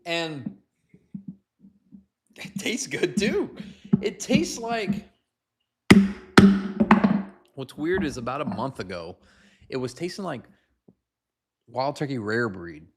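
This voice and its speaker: A man chatting casually on a livestream in a loose, joking, rambling way. He talks from home and later from his garage, carrying his phone as he goes. His voice sits at an everyday pitch. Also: big pitch swings, slow, pauses often, over loud music. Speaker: whiskey livestream host. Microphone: handheld phone.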